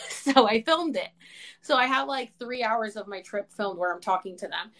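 Excitable young woman, swearing podcast host. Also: a little high, normal speed. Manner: excitable, swears freely, many filler words. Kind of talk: casual chat.

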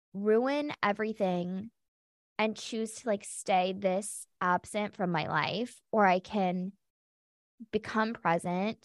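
A woman's voice: medium pitch, no echo, studio quality. A woman guest on a podcast, candidly and heartfelt telling her own story with lots of casual fillers.

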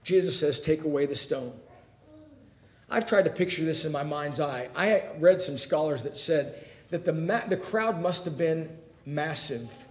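A man with a fairly high voice preaches a sermon in an echoey church room. He drops to a near-hush, then swells into fervent, emphatic passages. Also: unhurried. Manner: swings from hushed to emphatic. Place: church sanctuary.

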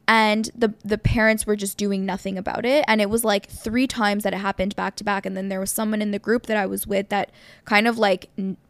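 Young podcast cohost girl, animated stories, medium pitch, dry sound. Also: brisk, no echo. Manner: animated storyteller, frequent "like". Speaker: podcast co-host. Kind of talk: casual chat.

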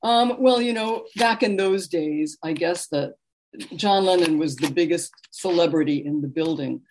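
A middle-aged woman, a book author and interview guest, telling lively anecdotes in a relaxed conversational way. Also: lowish voice, normal speed, slight background noise. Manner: animated anecdotal storyteller, warm laughs.

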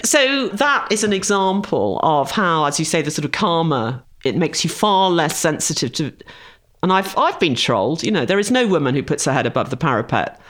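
A middle-aged woman from England, a classicist guest telling stories with animated, laughing delivery. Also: low-pitched, normal speed. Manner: animated storytelling with laughs and mimicry. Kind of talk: lively interview conversation.

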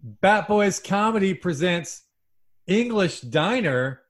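A man's voice: sits high, expressive, slow pace. A man hosting an improv comedy podcast, chatting playfully and announcing scenes.

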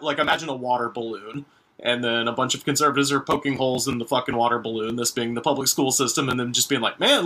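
A man riffing as a comedian guest on a podcast, animated and rambling, with frequent swearing. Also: mid-range voice. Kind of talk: casual comedy podcast chat.

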